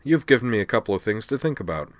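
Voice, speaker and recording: A man's voice: lowish voice, sing-song, fast talker, no echo, voice pushed up. A man voicing a cheeky, loyal young woman pilot with a playful, grinning delivery.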